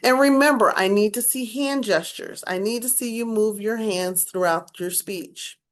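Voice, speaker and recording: A woman's voice: mid-range voice, moderate pace. A woman speech instructor giving a recorded class lecture, explaining and demonstrating points with emphatic, varied inflection.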